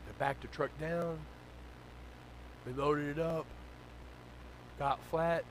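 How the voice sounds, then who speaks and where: A male pastor, preaching a sermon that moves from low, conversational storytelling to loud, shouted exhortation. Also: steady tone, takes it slowly, a little hiss or hum, rough recording.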